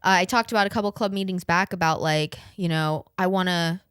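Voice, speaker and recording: Late-20s woman, podcast host, rambly confessional chat, near tears, smooth low-ish voice. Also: fairly quick, fairly bright tone, no room sound, studio quality. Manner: rambling, heavy use of "like", swears casually. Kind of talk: casual personal chat.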